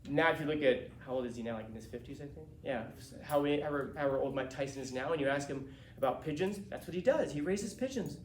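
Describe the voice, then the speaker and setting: Animated man teaching a class. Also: medium pitch, fast, echoey room, a little hiss or hum. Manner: animated, casual and slangy, acting out quotes. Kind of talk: classroom lecture.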